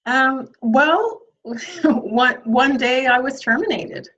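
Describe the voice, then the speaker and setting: A woman's voice: high voice, lively intonation, takes it slowly, a bit bright. A woman talks through a hard stretch of her working life as a podcast guest, reflective and candid. Her speech is full of ums and light laughs, and the audio sounds a bit dull and muffled.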